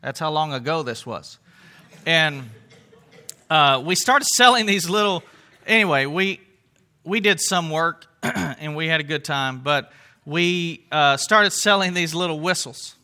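A man's voice: a little high, lively intonation, unhurried, pushed and bright. A man preaching a sermon, telling stories and putting questions to his listeners. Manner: storytelling, asks the congregation questions. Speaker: pastor.

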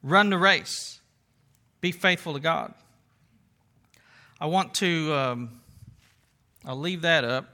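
High, bright-voiced preaching man. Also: takes it slowly, pauses often. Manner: conversational, piles up rhetorical questions. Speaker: pastor. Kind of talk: sermon.

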